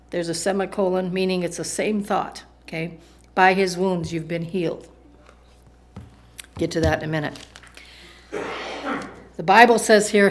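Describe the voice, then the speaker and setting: Woman preaching a conversational sermon. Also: on the low side. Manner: conversational preaching with rhetorical questions to the congregation.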